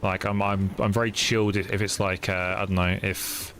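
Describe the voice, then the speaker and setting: A young man chats with his viewers while he plays, rambling and halting, often restarting his sentences. His voice sits low. Steady noise runs under the stream audio. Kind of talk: casual chat while gaming.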